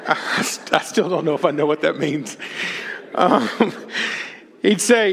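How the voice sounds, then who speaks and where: A man's voice: a little high, lively intonation, slow, gravelly, long pauses, a bit bright, husky. A man from Texas with a Southern accent, preaching a folksy, chatty sermon as a guest speaker. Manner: folksy and chatty, laughs often. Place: church sanctuary. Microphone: stage microphone. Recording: long hall reverb.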